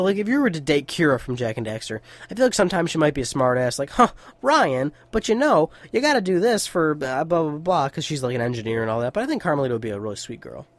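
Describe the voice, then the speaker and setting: A man's voice: a little high, no echo. Young male let's-play host, rambling, profane and casual, with frequent restarts. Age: young adult. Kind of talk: casual gameplay commentary.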